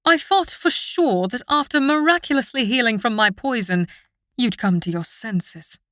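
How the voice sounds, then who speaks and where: A woman's voice: fairly high pitch, expressive, normal speed, fairly bright tone, no echo. A woman voicing a cold, scheming fairy queen who talks down to others with silky menace, read dry and close for an audiobook. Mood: menacing.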